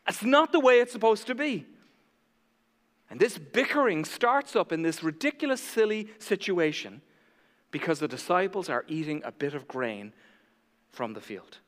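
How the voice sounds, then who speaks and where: A man preaching a sermon, animated, acting out the voices of critics and swinging between loud and hushed delivery. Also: sits high, normal speed. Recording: long hall reverb.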